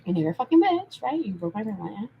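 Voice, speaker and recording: A woman on a rambling livestream rant, swinging erratically from mutters to shouted, sing-song accusations full of swearing. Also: mid-range voice, very animated, quick pace, gravelly, far from the mic, dull audio. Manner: profane and accusatory. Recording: echoey room, voice off-mic.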